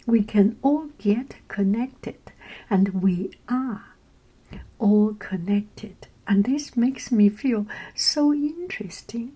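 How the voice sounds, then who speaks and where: A woman, whispering a casual vlog story and pausing often with fillers while she searches for words. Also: a little high, husky, poor audio. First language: Chinese. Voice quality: soft whisper. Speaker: vlogger.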